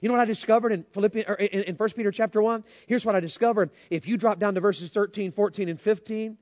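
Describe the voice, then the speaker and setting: A man's voice: high voice, fairly even intonation, fast, a little mellow, no room sound. A man preaching a sermon, telling folksy stories and calling out to the congregation. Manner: folksy storytelling, calls out to congregation. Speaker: pastor.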